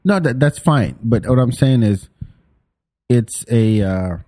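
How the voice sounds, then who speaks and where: A man's voice: medium pitch, animated, takes it slowly, warm tone. A man hosting a podcast in casual chat, joking and swearing and laughing often. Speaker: podcast host.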